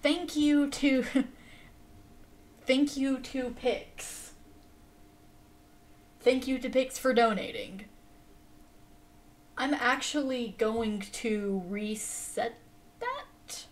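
A slightly high-voiced woman streamer chatting her way through a game, exasperated and quick to yell at it and her viewers. She talks at an unhurried, drawn-out pace. The mic sits a good way off in an echoey room. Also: fairly even intonation. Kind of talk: casual live-stream gaming chat.

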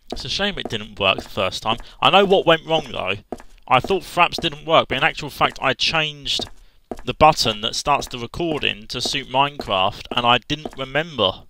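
A man giving casual commentary over a horror game, chatting, thinking aloud and reading the game's prompts out loud. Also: medium pitch, lively intonation, a little slow, slight background noise, low-quality recording. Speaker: let's play gamer. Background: game music.

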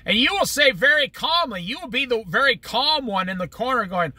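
A man teaching a conversational Bible study with humor, often acting out quick everyday voices. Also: very high-pitched, lively intonation, sharp tone, no echo.

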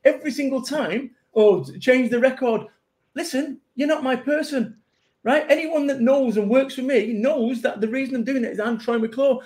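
A man's voice: extremely high pitch, fairly even intonation, moderate pace, darkish tone. A middle-aged man with a Manchester accent, a motivational speaker telling punchy, self-mocking stories in a casual interview chat. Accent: Mancunian. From England.

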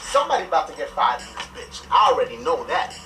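A man's voice: on the high side, big pitch swings, quick pace, over loud music. A man playing a sloppy, crude clinic doctor who talks in a brash, offhand way. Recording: roomy, distant with faint noise.

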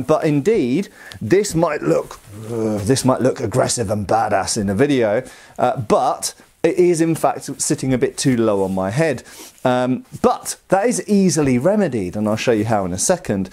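A middle-aged man with an English accent talks the listener through his subject in a relaxed, conversational way. He wanders off on asides and fills the gaps with ums and uhs. His voice sits at an ordinary, middling pitch. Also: normal speed. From England. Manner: chatty and digressive, with lots of ums and uhs. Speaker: host. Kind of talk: casual educational talk.

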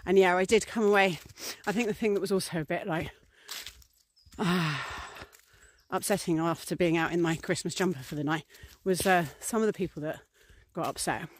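A woman's voice: lowish voice, slightly rough. A woman from England talking casually to camera as a vlogger, chatty and rambling, with many fillers and small acted-out scenes. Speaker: priestess and vlogger.

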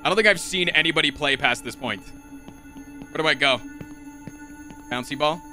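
A young man streaming a game live, talking to his chat in an excitable, profane, rambling way. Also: on the high side, moderate pace, soft background music. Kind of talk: casual live-stream commentary.

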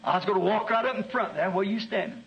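A man's voice: high-pitched, fast talker, gravelly, dull audio, a little hiss or hum. A male preacher voicing a humble, grateful old man who hunts, speaking plainly and earnestly.

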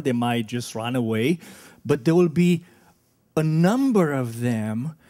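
Slow, earnest preaching man. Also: mid-range voice, expressive, mellow. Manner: conversational, earnest preaching with frequent fillers. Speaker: pastor. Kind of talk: sermon. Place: church hall.

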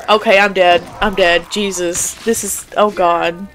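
A woman's voice: mid-range voice, steady tone, a little slow, hardly any pauses. A young woman streaming a horror game, chatting casually and reacting in a jumpy, squeamish way. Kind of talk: live gameplay reaction.

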